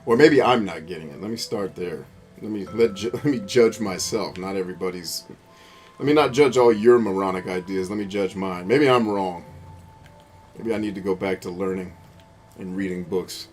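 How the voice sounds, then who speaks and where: A man's voice: low voice, normal speed, pauses often, faint music behind. A man giving rambling, philosophical commentary while playing a video game, swearing freely as he rants. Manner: profane, ranting, philosophical. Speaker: gameplay commentator. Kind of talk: rambling commentary over gameplay.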